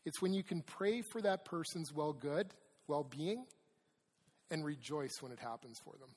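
A man's voice: on the high side, moderate pace, a little mellow, slightly rough, in a large hall. A man preaching a sermon as pastor. He talks conversationally with personal stories and asides, and reads scripture aloud with emphasis.

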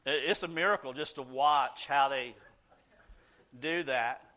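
A middle-aged man telling stories to a live audience, animated, and loud when he acts out how his family talked. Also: medium pitch, unhurried. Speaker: speaker answering audience questions. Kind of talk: casual talk to a live audience.

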